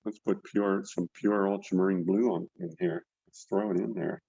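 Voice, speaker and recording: At normal speed and with a steady tone, an older man walks viewers through a painting on a video call, his talk loose and full of repeated words. His low voice is gravelly, warm, and husky. The studio audio is dry, with highs lost to the call mic.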